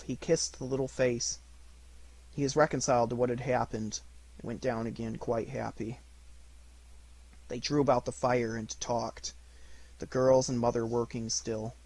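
A man narrating an audiobook in a measured, deliberate way. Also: medium pitch, a little mellow, dry recording. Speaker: audiobook reader. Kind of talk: scripted narration.

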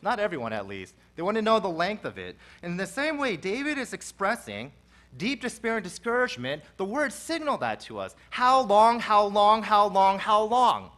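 This is a high-pitched male pastor preaching an expository sermon at church. He swells to loudness on repeated phrases and then returns to a quiet, conversational teaching tone.

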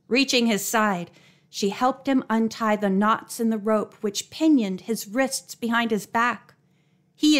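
A woman narrates a mystery story aloud in a slightly high voice. Her reading is scripted and expressive. She lifts her pitch when characters speak. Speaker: audiobook narrator.

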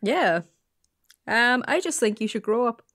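A woman's voice: on the high side, animated, unhurried, a bit bright. A woman with an Irish accent co-hosting a podcast in casual chat, chatty and playful, often laughing. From Ireland. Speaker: podcast co-host.

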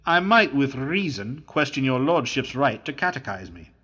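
A man's voice: medium pitch, big pitch swings, bright, forceful tone, breathy edge, dull audio, full character voice. Man reading as a cool bandit chief. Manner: cool, deliberate. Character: seasoned male bandit chief, cool and deliberate.

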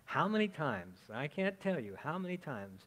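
With a fairly high, fairly bright voice, a very animated male pastor preaches in an easy, conversational style at normal speed. He chats, poses questions to the congregation, and keeps checking in with "okay?".

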